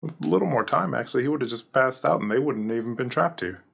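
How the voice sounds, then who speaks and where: A man's voice: mid-range voice, expressive, quick pace, vocal fry, a bit bright, a little hiss or hum. A man hosting a reaction video, chatting casually and jokingly as he comments. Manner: chatty, jokey, laughs often.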